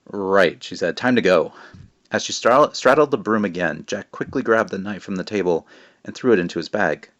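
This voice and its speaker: Guy reading his kids book out loud, lowish voice, lively narrating. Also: a little fast, highs cut off. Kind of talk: expressive children's book reading.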